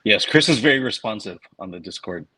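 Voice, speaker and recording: A man's voice: on the low side, lively intonation, brisk, pushed and bright, breathy edge, no echo, poor audio. A middle-aged man co-hosting a casual livestream, laughing often and giving short agreeing replies. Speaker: co-host.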